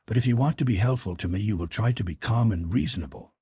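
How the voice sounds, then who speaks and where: A level-headed woman speaking gently and persuasively, as a man puts her on. The voice stays low and husky, reasoning calmly rather than pleading, and it sits close and dry with no room around it. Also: quick pace, no room sound, full character voice. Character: composed grown woman, calm and persuasive.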